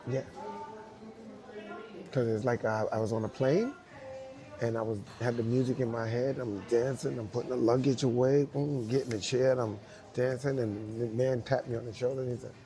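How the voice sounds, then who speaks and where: A man with a New York accent, speaking to young dancers and telling animated stories with repeated emphasis and acted-out quotes. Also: medium pitch, moderate pace. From United States. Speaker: guest dancer speaking to students. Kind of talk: casual storytelling talk.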